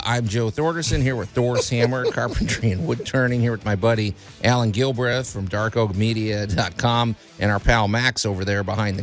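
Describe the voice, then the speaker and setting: A man co-hosting a radio show from a studio, chatting casually and joking, often laughing. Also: on the low side. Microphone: studio microphone.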